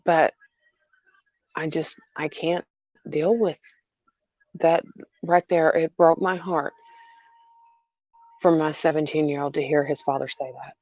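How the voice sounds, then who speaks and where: A mother talking through a hard personal story in a halting way, repeating herself with many fillers. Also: low-pitched, fairly even intonation, no room sound, muffled recording. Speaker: mother vlogger. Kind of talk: emotional personal vlog.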